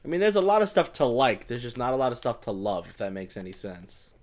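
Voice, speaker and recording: A man in his twenties co-hosting a casual chat, animated and swearing, acting out quotes. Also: medium pitch, fast. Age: 20s. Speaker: podcast co-host.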